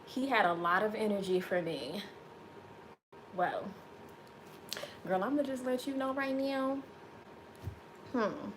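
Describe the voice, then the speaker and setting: A woman's voice: medium pitch, slow pace, pauses often, a little hiss or hum. A woman hosting a casual livestream, chatting playfully with viewers and reading their comments aloud. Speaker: livestream host.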